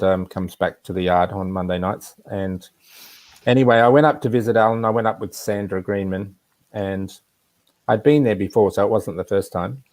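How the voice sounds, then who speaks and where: A man's voice: low voice, a little mellow. A man casually telling a personal anecdote on a live video chat, rambling with asides. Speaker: regular guest.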